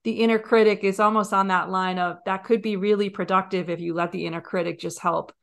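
A woman's voice: mid-range voice, fairly even intonation, brisk, vocal fry. A woman podcast host in a casual interview, asking long, thoughtful framing questions.

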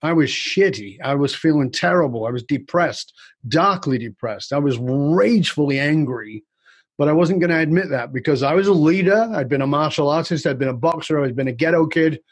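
Husky guy opening up about his life, frank and reflective, dry close sound. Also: a little high, a little fast, no echo. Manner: candid, reflective, with casual swearing. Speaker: guest. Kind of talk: personal storytelling in a podcast interview.

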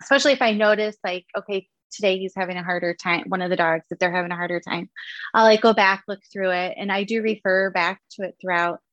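A woman's voice: mid-range voice, fast talker, fairly bright tone, no echo, muffled recording. A woman guest talking casually about her dogs, chatty with plenty of fillers. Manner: chatty, laughs often, many fillers. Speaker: guest, dog owner. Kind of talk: casual interview chat.

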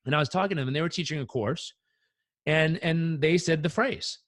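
A man on a podcast telling personal stories in an animated way, acting out the voices in them. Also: a little high, a little fast, no room sound, studio quality. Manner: animated, acts out quotes. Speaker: guest. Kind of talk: conversational storytelling.

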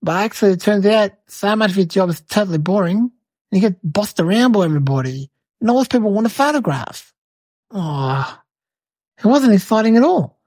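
A woman's voice: medium pitch, lively intonation, brisk, dark tone, breathy edge, no room sound. A woman voicing a cheeky little boy, telling a silly story to the camera in a rambling, chatty way full of fillers.

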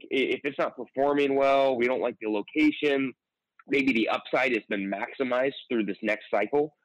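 A man's voice: medium pitch, no echo, rough recording. A man who invests in real estate, giving confident, chatty advice in an interview with many fillers. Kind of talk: podcast interview answer.

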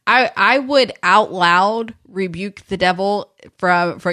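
A woman with a Southern accent tells stories in a chatty, friendly way during a casual faith talk. Her voice sits mid-pitch and sounds close and dry, with no room around it. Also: sharp tone, dry recording. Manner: chatty, storytelling, quick to laugh. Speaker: podcast co-host.

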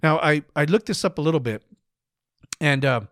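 A man's voice: fairly high pitch, normal speed, a bit bright, no room sound, clean studio sound. A man hosting a devotional podcast, talking earnestly and emphatically, often repeating words as he gathers his thoughts. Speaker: podcast host. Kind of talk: conversational devotional podcast teaching.

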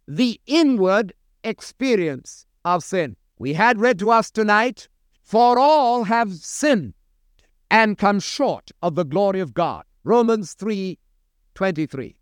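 A man's voice: high-pitched, smooth, no room sound, clean studio sound. A man preaching a sermon to a congregation, quoting scripture with impassioned, dramatic emphasis.

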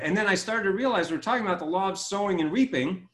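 A man's voice: fast, hardly any pauses, a bit bright, echoey room. A man as an interview guest, telling stories with enthusiasm and acting out quoted lines. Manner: enthusiastic, acts out quotes with rising pitch. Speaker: guest author and keynote speaker. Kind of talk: animated storytelling interview.

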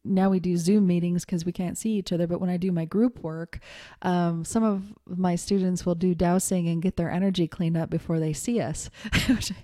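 Middle-aged woman, low and mellow, unscripted teacher, chatty with lots of ums and easy laughs. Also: fairly even intonation, moderate pace. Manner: conversational, laughs often, many fillers. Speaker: psychic teacher. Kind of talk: casual spoken teaching.

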